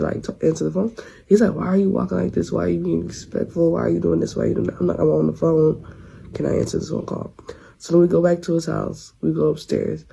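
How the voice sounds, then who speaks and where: A woman's voice: low-pitched, vocal fry, dark tone, breathy edge, rough recording. A young woman in her twenties telling a rambling story in casual slang, restarting her sentences often. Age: 20s. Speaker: storyteller in a clip.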